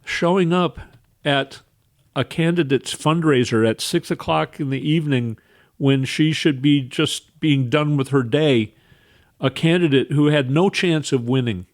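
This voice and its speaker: A man hosting a radio show, tearful and weepy, speaking haltingly with restarts. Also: fairly high pitch. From Minnesota. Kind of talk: emotional radio monologue.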